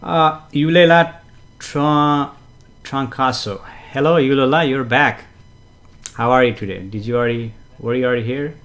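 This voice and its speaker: A man in casual live-stream mode, greeting viewers and reading out their comments. He speaks at an ordinary male pitch in an unhurried, conversational way, often saying "uh" and "you know." He explains ideas gently and comes back to the same point more than once. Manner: chatty, relaxed, frequent fillers and soft chuckles; gently explanatory, repeats himself for emphasis. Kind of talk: casual live-stream chat with spiritual teaching.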